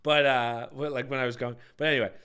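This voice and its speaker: A man's voice: medium pitch, steady tone, fast talker, pushed and bright, clean tone. A man co-hosting a podcast, telling a rambling travel story in casual chat and laughing often. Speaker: podcast co-host.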